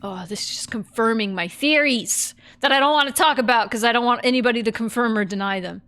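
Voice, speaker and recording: A woman livestreaming a game and chatting casually, animated, laughing often and swearing freely. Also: a little high, quick pace. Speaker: streamer.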